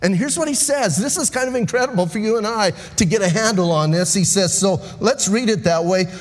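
A man preaching an evening sermon, lively and conversational, talking back and forth with his congregation. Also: high voice, long reverb tail. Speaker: pastor. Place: church sanctuary.

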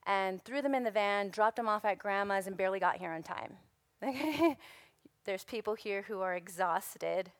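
Slow, hoarse woman preaching. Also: mid-range voice, dry recording. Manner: earnest, emphatic preaching with repetitions. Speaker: women's ministry speaker. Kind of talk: sermon.

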